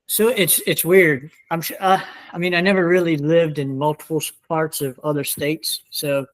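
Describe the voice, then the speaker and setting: A young man from South Louisiana with a twangy Southern accent speaks at a fairly high pitch, keeping a steady tone and a moderate pace. He's a podcast guest chatting casually, rambling along with lots of fillers and plenty of swearing. The recording sounds rough.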